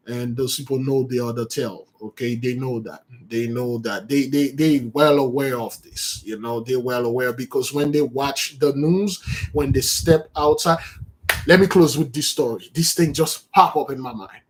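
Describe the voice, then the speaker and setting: A man's voice: mid-range voice, normal speed, slight background noise. A man preaching on a live stream in an impassioned, emphatic way, often repeating and restarting his phrases. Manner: emphatic and repetitive, with many restarts. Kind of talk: impassioned livestream sermon.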